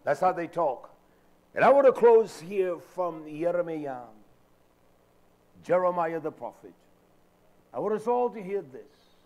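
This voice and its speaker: A man preaching a Sabbath sermon in a notably high voice. He speaks with fervent emphasis, and hesitant filler sounds break up his lines as he presses each point on the congregation. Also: expressive, unhurried, pauses often, darkish tone.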